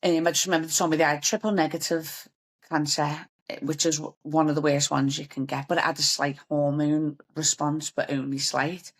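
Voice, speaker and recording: A woman's voice: sits low, flat delivery, a little fast. A young woman telling a personal story to the camera in a chatty, candid way, with plenty of fillers. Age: young adult. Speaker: vlogger.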